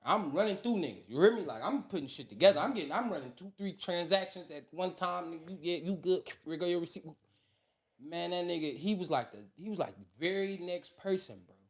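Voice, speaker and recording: A man with a Detroit accent telling a story on a casual podcast, animated and acting out the people in it. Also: sits high, fast, hardly any pauses. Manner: animated, acts out quoted voices loudly. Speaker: podcast co-host. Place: podcast studio.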